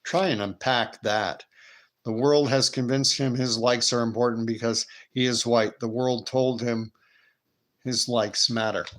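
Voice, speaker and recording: A man with a Canadian accent hosts a casual live-stream commentary. His voice sits at an ordinary middle pitch. He talks loosely and digressively, reading viewer messages aloud between asides. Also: fairly even intonation, unhurried, a bit bright. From Canada and the United States. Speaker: host.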